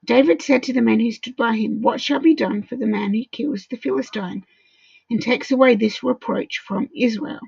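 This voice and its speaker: A woman teaching a Bible study in a casual way, walking through verses and explaining them with frequent pauses and ums. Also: a little high, vocal fry, darkish tone, husky, dry recording, dull audio.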